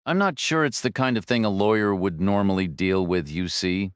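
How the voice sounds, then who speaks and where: A man's voice: deep voice, normal speed, clean tone, no room sound, studio quality, lightly acted. A man voicing a grieving elderly woman on the phone, wavering, hesitant and resigned. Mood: sad, hesitant. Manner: wavering, resigned, soft-spoken.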